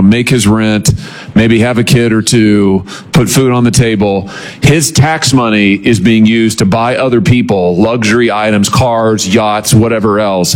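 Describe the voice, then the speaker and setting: A man hosting a broadcast interview, pressing his questions with indignation. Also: fairly low pitch.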